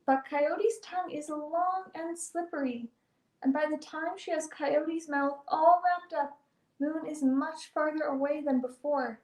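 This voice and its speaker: A woman reads a picture book aloud in a high, gentle voice. She takes her time over each line. Her voice carries a roomy echo. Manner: gentle, deliberate storytelling. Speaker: librarian storyteller.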